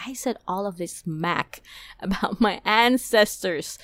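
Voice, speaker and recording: A woman's voice: mid-range voice, animated, slow, a bit bright, no echo. Woman, podcast host, casual storytelling, lots of fillers, dry close sound. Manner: chatty, many fillers, emotional retelling.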